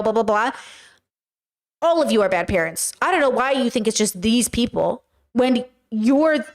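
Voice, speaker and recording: A woman streaming casual commentary, talking bluntly and with profanity as she tells stories with animation. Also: a little high.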